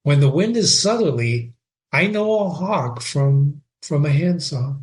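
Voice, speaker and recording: A brooding young prince, voiced by a man reading a play aloud, wry and a little strange. The lines come slowly and deliberately, close to the reader's own everyday voice. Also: a little high, lively intonation.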